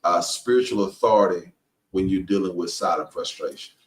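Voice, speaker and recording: A man co-hosting a podcast, chatting in a relaxed, colloquial way and often agreeing with his partner. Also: low-pitched, fairly quick. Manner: relaxed, colloquial, frequent affirmations. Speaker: podcast co-host. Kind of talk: casual conversation. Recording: distant mic.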